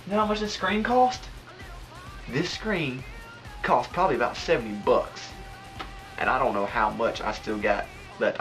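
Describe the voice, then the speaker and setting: A man's voice: mid-range voice, fairly bright tone, poor audio. A young man hosting a casual podcast from a home studio, telling stories in a rambling, laughing way. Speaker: podcast host.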